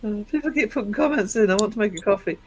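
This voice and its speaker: A man's voice: high-pitched, expressive, quick pace, a little mellow, faint music behind, poor audio. A man hosting a casual live-streamed podcast, reading out chat comments, laughing and teasing, calling people darling.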